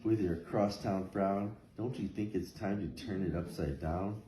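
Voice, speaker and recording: A man voicing a cheerful female clam who gently coaxes a friend. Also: low-pitched, unhurried, crowd noise. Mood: coaxing. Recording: echoey room, faint noise.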